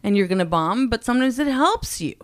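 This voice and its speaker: A woman in her forties, a stand-up comedian, telling animated stories with frequent laughs in a casual podcast chat. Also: a little high, no room sound, studio quality. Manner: animated, laughs often, quick asides. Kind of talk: casual anecdote storytelling.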